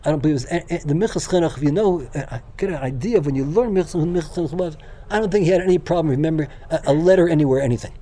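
An older man gives a Torah lecture in a high, quick voice. He gushes with excitement and often stumbles, restarting and repeating words as he rushes ahead. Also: slight background noise. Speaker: rabbi teaching a Torah class.

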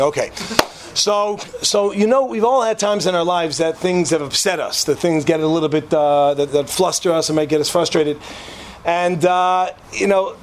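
A man with a slightly high voice tells a funny story to a small audience in a hall. He chats and jokes, turns to the crowd with quick asides, and a faint hiss sits under the recording. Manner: chatty, joking, addresses the audience with asides. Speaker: speaker telling a story to an audience. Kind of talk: humorous storytelling talk.

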